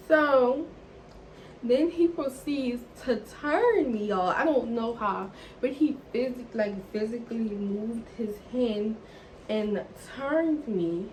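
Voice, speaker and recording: A young woman vlogger telling a dating story in casual, animated chat, swearing freely and saying "like" often. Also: on the high side, slow pace, a little hiss or hum, poor audio. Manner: animated, profane, chatty with lots of "like".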